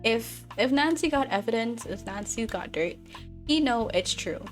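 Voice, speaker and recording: A woman's voice: fairly high pitch, lively intonation, moderate pace, faint music behind. A woman giving casual, playful let's-play commentary on a life-simulation game, chatting and laughing often. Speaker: gaming video creator.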